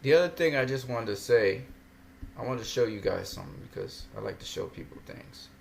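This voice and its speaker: Man, casual commentary, emphatic, repetitive, mid pitch. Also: lively intonation, fairly quick, vocal fry, darkish tone. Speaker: boxing commentary vlogger.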